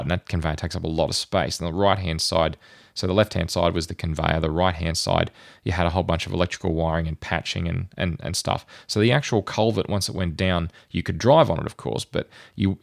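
Casually chatting on his podcast, this man rambles and thinks aloud, filling his speech with filler words, his deep voice edged with gravel. The sound is dry and close-miked.

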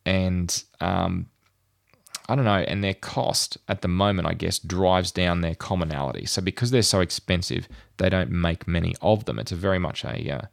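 A man with a deep voice and a gravelly edge talks through his thoughts on a podcast. He rambles casually and loads his sentences with fillers. The recording is close and dry. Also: normal speed, dry recording. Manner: rambling, thinking aloud with many fillers. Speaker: podcast host. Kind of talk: casual chat.

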